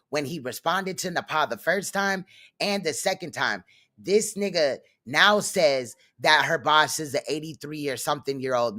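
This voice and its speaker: A man's voice: fairly high pitch, bright, forceful tone. A man hosting a casual commentary stream, talking bluntly and profanely with a rambling flow. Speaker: host.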